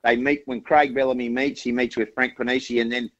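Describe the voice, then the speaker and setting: A man's voice: mid-range voice, level tone, a little fast, a bit bright. Emphatic Australian man on a dull line. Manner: emphatic, assured. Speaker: rugby league insider, guest. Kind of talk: casual radio chat.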